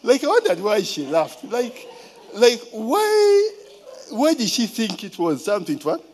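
Animated Ugandan man telling a story. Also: sits high, measured pace, slight background noise. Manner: animated, rhetorical questions, mimics a child's voice. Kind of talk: casual storytelling.

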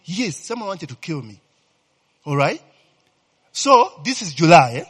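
A man preaching with a lively, swinging delivery, his voice sitting a bit higher than most and carrying a husky edge. He keeps asking his listeners whether they follow. The sound rings out with a long hall reverb. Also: a little slow. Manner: animated, repeatedly asks "you understand, eh?". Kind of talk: sermon.

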